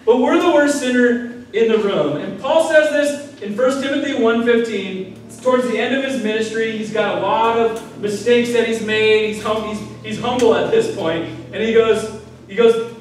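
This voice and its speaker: A man's voice: extremely high pitch, normal speed, slight background noise. A male pastor preaching a sermon in a conversational way, tossing out rhetorical questions and checking in with "right?". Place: church sanctuary. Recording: echoey room heard from a distance.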